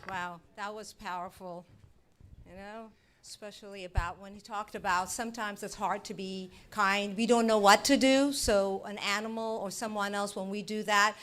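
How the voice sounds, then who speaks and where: A woman's voice: mid-range voice, fairly even intonation, normal speed, fairly bright tone. A woman co-hosting a live talk show, reflecting enthusiastically on what the guest said. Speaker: co-host.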